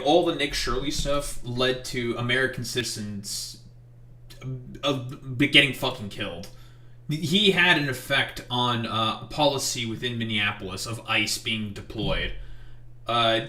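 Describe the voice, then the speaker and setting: A man's voice: medium pitch, sharp tone. Rambling sarcastic man in an echoey room. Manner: rambling, sarcastic, frequent fillers. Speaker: streamer reacting to clips. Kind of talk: casual commentary.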